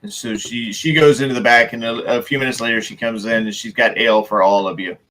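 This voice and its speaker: A man narrating as game master of a tabletop game, halting often and restarting his sentences. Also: mid-range voice, fairly even intonation, pushed and bright, rough recording.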